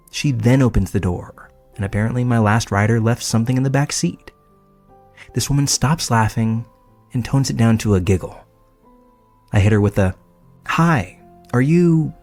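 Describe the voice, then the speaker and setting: Male narrator, mid pitch, steady scripted horror reading, soft music underneath. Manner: measured storytelling, casual profanity. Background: faint music.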